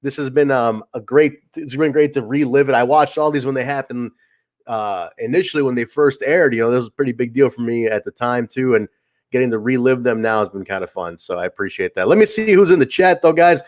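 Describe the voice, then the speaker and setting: A man's voice: medium pitch, fairly quick. A man hosting a casual solo podcast livestream, rambling with fillers and restarts and acting out other people's lines as he tells a story. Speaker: podcast host.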